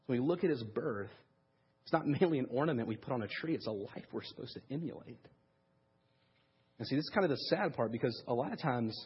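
A man with a husky, slightly breathy voice gives a sermon as if chatting with friends, loose and full of "like" and "um". The recording sounds dull and lo-fi. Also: medium pitch. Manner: casual, conversational preaching with many fillers. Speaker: pastor. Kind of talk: sermon with storytelling.

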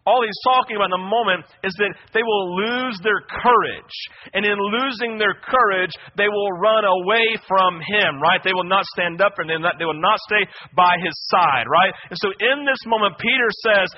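A young man preaching a sermon, telling stories in a lively way and often asking "right?" to his listeners. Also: high-pitched, normal speed, a little hiss or hum. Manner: animated storytelling with asides like "right?". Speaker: pastor. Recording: dull lo-fi audio.

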